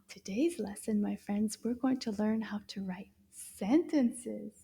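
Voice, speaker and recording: A woman teaching French to young children, slow and animated, gasping with delight and drawing out her words. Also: medium pitch, vocal fry. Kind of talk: children's language lesson.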